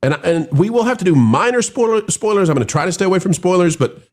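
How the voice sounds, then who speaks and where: Man, live show host, lively swooping pitch, somewhat high voice, rambling, restarts a lot. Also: fast talker. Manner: animated, rambling with frequent restarts. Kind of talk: live review chat.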